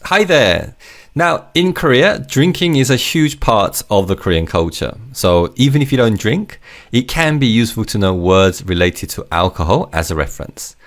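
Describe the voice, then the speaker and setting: Male teacher, low voice, animated delivery, patient and encouraging, repeats words for practice. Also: moderate pace. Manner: patient, repeats each word twice, praises the learner. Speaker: language teacher. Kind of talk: scripted vocabulary lesson.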